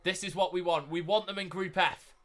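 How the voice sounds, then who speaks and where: A young man hosting a live watchalong stream, chatting casually and repeating himself, getting loud and excited at big moments. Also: sits high, fairly quick. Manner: excitable, repeats phrases, shouts when thrilled.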